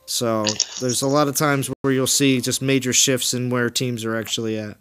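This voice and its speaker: A man's voice: medium pitch, steady tone, normal speed, background noise. A man hosting a gaming livestream, chatting casually over a voice call, rambling and repeating himself with frequent laughs. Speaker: livestream host.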